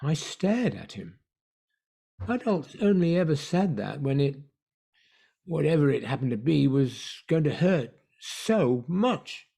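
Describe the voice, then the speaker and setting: A man narrating a story in an online play reading, measured and hushed. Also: on the high side, sing-song, creaky, slightly rough.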